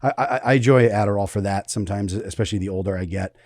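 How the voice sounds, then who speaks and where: A man's voice: on the low side, fast talker, a little mellow, dry recording, studio quality. A man hosting a podcast in casual chat. He rambles loosely and laughs often. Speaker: podcast host.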